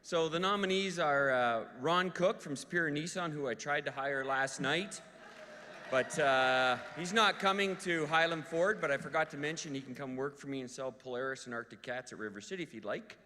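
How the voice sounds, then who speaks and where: A man's voice: a little high, moderate pace, pushed and bright. A man presenting an award at a live ceremony, laid-back and wry as he banters and reads out the nominees. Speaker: award presenter, business owner. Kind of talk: joking banter and reading nominees. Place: large event hall. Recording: hall reverb with audience noise.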